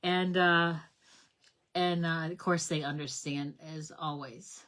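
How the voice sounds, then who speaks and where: A woman's voice: low voice, fairly even intonation, takes it slowly, a bit bright. A middle-aged woman hosting a live card-making stream, talking casually and rambling a little as she greets viewers by name. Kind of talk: casual live craft demonstration.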